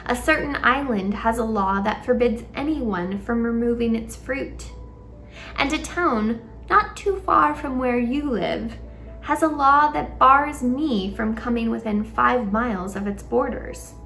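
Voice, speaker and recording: A woman reads a children's book aloud, unhurried and deliberate, her voice sitting a little high. Her storytelling is measured and wry. Soft music plays faintly beneath her. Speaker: storybook reader. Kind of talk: reading a children's novel aloud.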